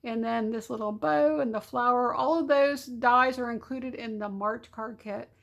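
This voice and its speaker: A woman's voice: fairly high pitch, moderate pace, creaky, a bit bright. A woman, hosting a crafting vlog at home in a bubbly, giggly way. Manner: bubbly, giggly, sweet-talking. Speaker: papercraft channel host. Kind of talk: casual vlog chat.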